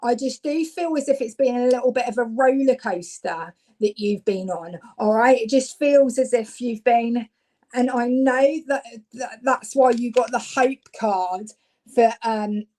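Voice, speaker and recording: A woman's voice: fairly high pitch, measured pace, low-quality recording. A woman from Devon, giving chatty live psychic card readings and talking to viewers. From Devon, England. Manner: chatty, warm-hearted, gets louder when excited.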